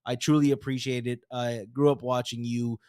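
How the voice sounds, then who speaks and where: A man's voice: medium pitch, flat delivery, normal speed, darkish tone, smooth, no room sound. Podcast host guy, chatty, trips over his words, dry room. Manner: chatty, stammers on restarts. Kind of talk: casual interview.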